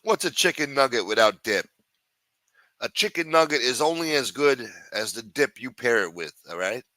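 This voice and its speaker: A man's voice: medium pitch, lively intonation, moderate pace, sharp tone, dry recording. A man hosting a late-night livestream, chatting with viewers in a sing-song voice and full of crude joking banter. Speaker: livestream host.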